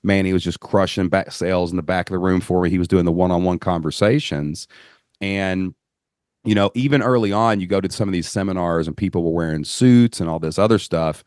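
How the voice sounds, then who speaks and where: A deep-voiced man with a Kentucky drawl hosts a casual podcast chat. He tells stories in a folksy, lively way, and the recording is close and dry. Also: a little fast, no room sound. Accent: Southern US (Kentucky). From Southeast Kentucky. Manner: animated storyteller, folksy phrasing. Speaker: podcast host.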